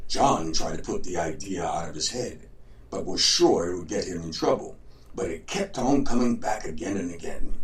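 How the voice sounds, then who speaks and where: A man hosting a show, reading a folk tale aloud at an unhurried pace and correcting his own slips. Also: deep voice, expressive. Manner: unhurried, stumbles and corrects himself. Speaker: host, storyteller. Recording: roomy echo, distant mic.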